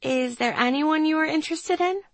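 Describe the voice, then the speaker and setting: A woman's voice: fairly high pitch, very animated, moderate pace, dry recording, voice pushed up. Nosy, chatty teen girl with a raised, eager voice, as a woman narrator puts her on. Dry audiobook sound. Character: nosy teenage girl, a chatty best friend.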